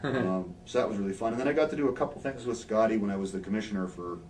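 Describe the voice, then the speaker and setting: A man's voice: fairly low pitch, very fast, a little mellow. A man, a former pro wrestler, telling dry, wry backstage anecdotes in an interview. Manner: wry anecdotal storyteller, acts out quotes. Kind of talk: shoot interview storytelling. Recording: distant mic, faint ambient hiss.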